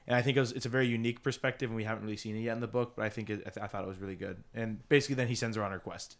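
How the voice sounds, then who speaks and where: A man's voice: fairly low pitch, steady tone, racing, few pauses. A man co-hosting a podcast, retelling a story in a rambling, laugh-filled casual chat with many restarts. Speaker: podcast co-host.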